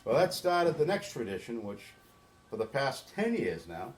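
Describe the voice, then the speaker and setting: Speaking at normal speed with big pitch swings in a mid-range voice, a middle-aged New England man tells a long story as an interview guest. He organizes volunteers at a boatyard, speaks earnestly and with feeling, and often restarts his sentences.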